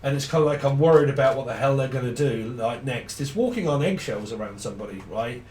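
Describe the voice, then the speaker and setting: A man's voice: medium pitch, animated, quick pace, a little mellow, recorded from a distance, a little hiss or hum. A man giving a casual, rambling tarot reading, swearing freely and laughing often. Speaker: tarot reader. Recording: roomy sound from off the mic.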